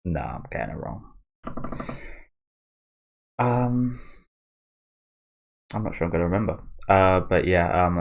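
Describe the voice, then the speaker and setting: Low gravelly guy chatting loosely, keeps losing his train of thought. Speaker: anime trailer reactor. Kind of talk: casual reaction commentary.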